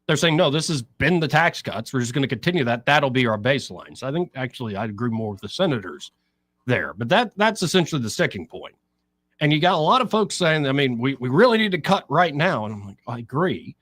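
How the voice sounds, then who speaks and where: A man's voice: medium pitch, fast, dry recording. A man hosting talk radio, explaining politics and mimicking what others say. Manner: explanatory, quotes others in an animated voice. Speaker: radio talk show host.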